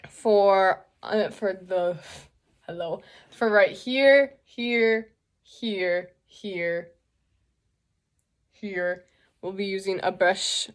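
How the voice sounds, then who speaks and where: A woman's voice: medium pitch, very slow, long pauses. A young woman hosting a casual makeup tutorial, chatty and joking as she explains each step.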